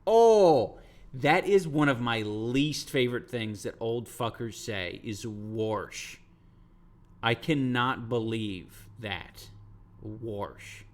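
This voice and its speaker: A man's voice: medium pitch, slow, a bit bright. A man streaming, chatting casually with his viewers in a rambling, profane way. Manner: rambling, profane, reacting to chat. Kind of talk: casual livestream chat.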